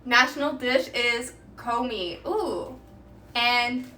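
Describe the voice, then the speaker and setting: A high, bright-voiced young woman with a Québécois accent, French her first language, laughs at herself while chatting with her stream. The sound is roomy and picked up from across an echoey home kitchen, with faint noise underneath. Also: slow pace. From Quebec. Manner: giggly, self-mocking, chatty with viewers. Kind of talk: casual cooking livestream chat. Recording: echoey kitchen, mic at a distance.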